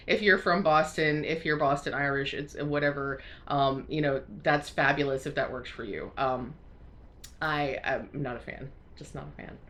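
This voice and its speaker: Deep-voiced but fairly bright in tone, this American crafting vlogger talks loosely to the camera, full of fillers and false starts. She's congested and keeps breaking into self-conscious laughter.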